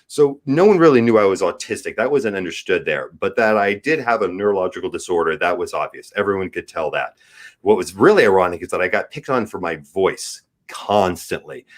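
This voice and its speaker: A man's voice: low voice, animated, brisk. A man in his forties, a podcast guest, talking candidly and earnestly and giving advice in casual chat. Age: 40s.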